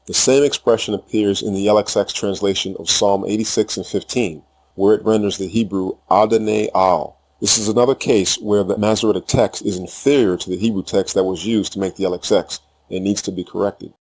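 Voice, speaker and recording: A man reading a scripted lesson in a measured, explanatory way. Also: lowish voice, fairly even intonation, darkish tone. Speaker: teacher. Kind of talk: scripted narration.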